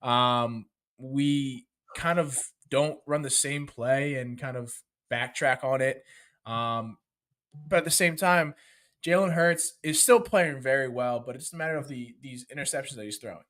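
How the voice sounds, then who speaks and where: A man co-hosting a sports podcast, talking in a hesitant, halting way with many fillers. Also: mid-range voice, fairly bright tone. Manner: hesitant, lots of ums. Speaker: podcast co-host. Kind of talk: casual sports talk.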